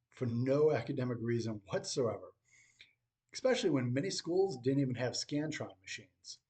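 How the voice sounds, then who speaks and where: A middle-aged man delivering scripted commentary in a dry, wry tone. His pitch sits at an ordinary middle level, and he leans on deliberate pauses between phrases. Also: warm tone. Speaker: teacher.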